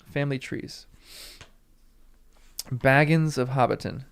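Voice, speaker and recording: A man's voice: mid-range voice, normal speed, vocal fry. A man hosting a live stream, chatting emotionally with viewers and reading from a book aloud.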